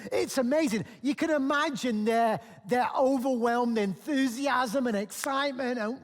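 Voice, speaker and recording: Brief: male pastor preaching, high voice, lively storyteller, long church reverb. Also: unhurried, few pauses. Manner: animated storytelling, acting out characters. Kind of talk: sermon.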